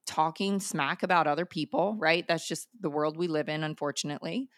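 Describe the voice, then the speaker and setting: Brief: middle-aged woman, low voice, dry close sound, emphatic podcast storyteller. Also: a little fast, hardly any pauses, no room sound. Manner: energetic, emphatic, many fillers. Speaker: podcast host and coach. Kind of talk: personal storytelling monologue.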